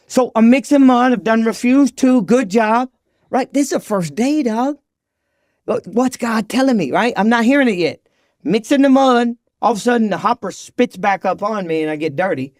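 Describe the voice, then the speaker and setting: High-voiced man telling a slangy story. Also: moderate pace, dry recording, clean studio sound. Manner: animated, slangy, acts out quoted dialogue. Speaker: podcast guest. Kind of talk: storytelling recovery testimony.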